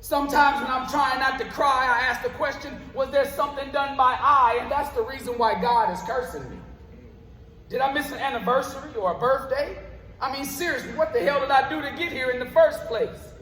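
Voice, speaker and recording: High-voiced man performing spoken word. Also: a little fast, sharp tone. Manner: rhythmic rhyming delivery. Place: live venue stage. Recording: roomy live venue with long reverb.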